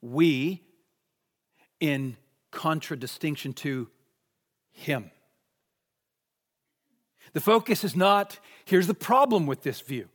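Male preacher, high voice, measured and emphatic sermon delivery, reverberant church hall. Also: animated. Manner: emphatic, swings between raised and hushed delivery. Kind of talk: expository sermon. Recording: long reverb of a large hall.

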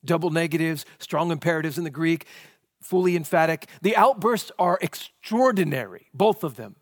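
High-voiced man preaching a dramatic sermon. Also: animated, normal speed, no room sound, clean studio sound. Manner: dramatic preaching, swinging from loud emphasis to hushed tones; rhetorical questions. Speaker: pastor.

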